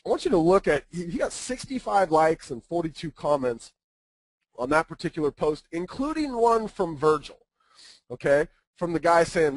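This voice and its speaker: Chatty man presenting a webinar, higher voice. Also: sing-song, normal speed, no echo, poor audio. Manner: conversational, often checks in with "right?" and "okay?".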